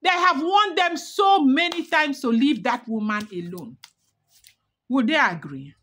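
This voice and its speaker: A woman's voice: sits high, measured pace, fairly bright tone. A woman narrating celebrity gossip in a dramatic, repetitive, emphatic way.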